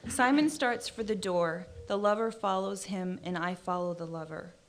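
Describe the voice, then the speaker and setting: A woman author reading her own short fiction aloud in a measured, dry narrating voice. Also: medium pitch. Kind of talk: literary reading.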